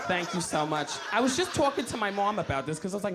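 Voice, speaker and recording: A stand-up comedian from New York with a New York accent, telling a story in an animated, loud way with shouted outbursts. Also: male voice, sits high, fast talker, hardly any pauses, loud music behind the voice. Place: comedy club stage. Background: audience laughter.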